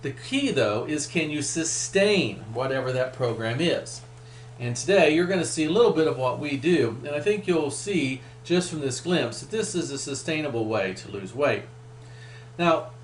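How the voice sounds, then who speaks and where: A middle-aged man presenting a weight loss program in a webinar, with an upbeat, emphatic sales manner. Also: a little high. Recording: echoey room with faint hum.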